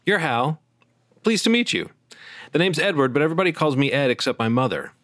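A man's voice: fairly high pitch, very animated, fairly quick, fairly bright tone, no echo, clean studio sound, pitched above the performer's own voice. A man reading aloud the lines of a chatty, friendly young man, in a slightly raised voice.

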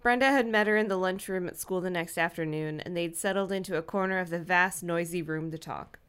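A woman's voice: on the low side, a little fast, fairly bright tone, smooth. A woman co-hosting a casual podcast chat, reading a book aloud and laughing along. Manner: chatty, laughs while reading.

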